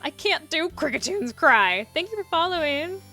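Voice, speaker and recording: A woman's voice: sits high, very animated, normal speed, bright, forceful tone, faint music behind. A young woman in her twenties, chatting casually and sarcastically with her live-stream viewers while she plays, often giggling. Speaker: game streamer reading chat. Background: house beats playing under the voice.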